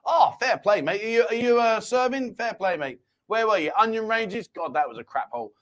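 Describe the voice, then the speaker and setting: Jokey high-voiced man hosting a live chat. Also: lively intonation, a little fast, a bit bright. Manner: jokey and rambling, reads viewer comments aloud. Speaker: host. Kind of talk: casual live-stream chat. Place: small home studio.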